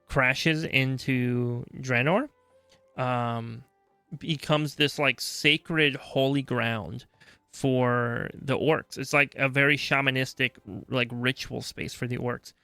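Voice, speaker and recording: A man's voice: medium pitch, fairly even intonation, slow, bright, forceful tone, clean tone, dry recording, soft background music. A man hosting a podcast, explaining game lore in a chatty, casual way and checking in often with "right?". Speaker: podcast host.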